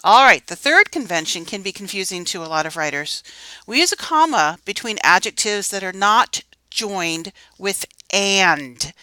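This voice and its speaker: A woman explaining writing rules to learners, clear and patient, and she reads her example sentences slowly out loud. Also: fairly low pitch, no room sound, poor audio. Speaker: writing teacher. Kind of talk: instructional explanation.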